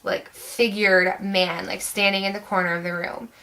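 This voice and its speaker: Chatty young woman with a bright voice. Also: mid-range voice, little pitch movement, moderate pace, creaky, low-quality recording. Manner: chatty, rambling, many "like" fillers. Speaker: vlogger. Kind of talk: casual storytelling to camera.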